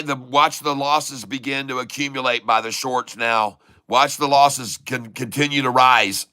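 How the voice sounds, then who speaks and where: Bright, excitable male trading host. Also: mid-range voice, moderate pace, few pauses, smooth, no echo. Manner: excitable, taunting short sellers, repeats prices. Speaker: stock trading channel host. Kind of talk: live market commentary.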